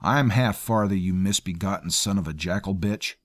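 A man's voice: low-pitched, normal speed, dry recording, lightly acted. A man playing a stern, protective soldier. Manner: firm, threatening. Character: stern male soldier, half-blood, protective.

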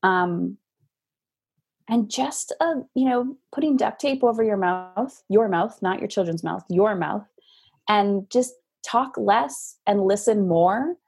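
A woman with a husky voice talks frankly about raising kids. She tells stories in an animated, restarting way, like a parenting coach on a casual video call. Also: mid-range voice, takes it slowly. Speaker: guest, parenting coach and podcaster. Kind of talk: casual interview talk.

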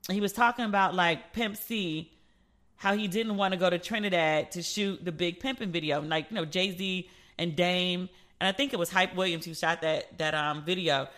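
A woman's voice: fairly low pitch, steady tone, normal speed, a bit bright. A woman hosting a casual solo podcast, telling stories in a playful, chatty way and acting out the voices of the people she quotes. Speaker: podcast host.

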